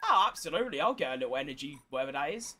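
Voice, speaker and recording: Streamer, man, high-pitched, croaky and worn out, chatty, swearing, exasperated. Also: very animated, rapid-fire, bright, forceful tone. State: hoarse, tired. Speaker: gaming streamer. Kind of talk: casual gameplay commentary.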